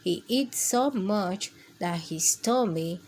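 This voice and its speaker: A woman reading picture books aloud to children with a gentle, expressive storytime manner. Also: medium pitch, takes it slowly, a little hiss or hum. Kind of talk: read-aloud storytime for kids.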